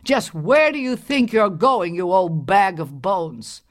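A woman's voice: medium pitch, animated, slow. A woman voicing a grumpy, bossy old husband who bellows and scolds. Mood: angry.

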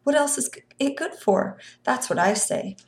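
A woman's voice: high-pitched, lively intonation, unhurried, pitched above the performer's own voice. A woman voicing an eager seventeen-year-old country boy who talks in a folksy, coaxing way.

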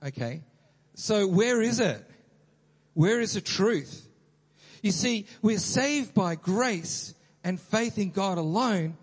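Animated husky-voiced male pastor in a reverberant hall. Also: sits high, slow. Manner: energetic, animated, with many restarts. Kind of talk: sermon.

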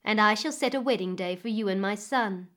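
A woman's voice: mid-range voice, a bit bright, natural voice. A woman voicing a grand, demanding queen who gives orders in a commanding way. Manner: commanding, brisk.

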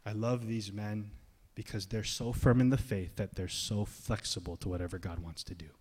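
Animated male pastor preaching a sermon. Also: lowish voice, moderate pace, breathy edge. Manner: animated preaching that swings from loud emphasis to soft, hushed asides; casual, conversational phrasing with slang.

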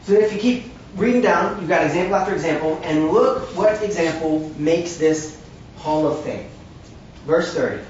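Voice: mid-range voice, normal speed, a little mellow, a little hiss or hum. Preacher, emphatic sermon, wry asides, heavy echo, dull lo-fi sound. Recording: very echoey, distant from the mic, dull.

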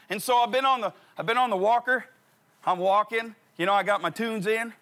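A man's voice: sits high, a little fast, sharp tone. A middle-aged man, a pastor telling a funny personal story in a sermon and acting out the dialogue. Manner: humorous, acts out the dialogue.

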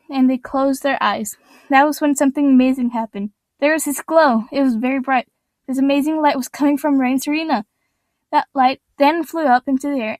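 High-voiced woman reading a story. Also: no echo. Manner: plain, earnest storybook narration. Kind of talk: reading her own fan story aloud.

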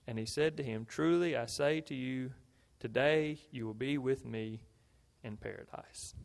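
A man preaching a sermon in an earnest manner, swelling to emphatic points and dropping low and soft. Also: normal speed, creaky. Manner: earnest, rises to emphatic then drops low.

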